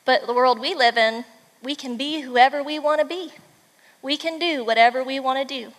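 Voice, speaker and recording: A woman with a high voice gives a devotional talk, animated and emphatic as she tells the story. A long reverb trails her words. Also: normal speed. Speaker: mother and devotional speaker. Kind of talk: devotional talk retelling a children's book.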